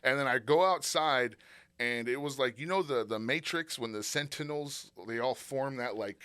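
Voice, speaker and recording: A man's voice: mid-range voice, moderate pace, pushed and bright, smooth. A young man, a stand-up comedian, telling stories in casual podcast chat. He acts out what people said and swears freely.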